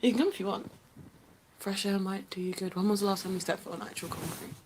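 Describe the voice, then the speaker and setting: A woman's voice: medium pitch, steady tone, fast, darkish tone, slight background noise, natural voice. An actress as a teasing young woman. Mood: coaxing. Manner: teasing, giggly. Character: teasing, chatty young woman, a loyal friend.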